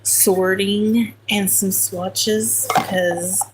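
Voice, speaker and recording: A woman's voice: medium pitch, fairly even intonation, extremely slow, very noisy. A woman with a country accent, chatting casually with viewers on a livestream while she sorts crayons. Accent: American country. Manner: chatty, talks to viewers by name, self-correcting. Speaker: livestream host. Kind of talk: casual live chat while sorting crayons.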